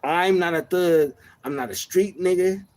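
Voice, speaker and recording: Speaking a little slowly, this Detroit livestream host delivers a casual monologue in a soft, even, high-pitched voice. He's reflective and slangy, leaning often on filler phrases.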